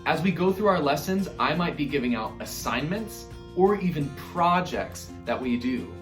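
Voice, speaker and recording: A man leads an online music lesson for small children, upbeat and encouraging, with his voice sitting a little high and swinging widely in pitch. The room has a roomy echo, and faint music plays underneath. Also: expressive, normal speed. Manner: upbeat, encouraging, addresses kids directly. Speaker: elementary music teacher.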